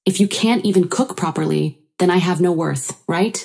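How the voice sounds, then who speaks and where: A smug, dismissive young husband talks down to his wife in a lecturing tone, as a woman narrator reads his lines. The voice sits fairly low. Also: normal speed, gravelly, a little mellow. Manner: lecturing, condescending.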